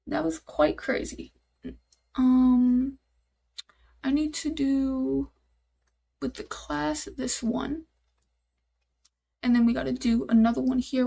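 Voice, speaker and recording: A woman's voice: sits high, fairly even intonation, takes it slowly, vocal fry, long pauses, a little mellow. A young woman live-streaming while she codes, thinking aloud, repeating herself, and talking to her chat in casual, easily exasperated chatter.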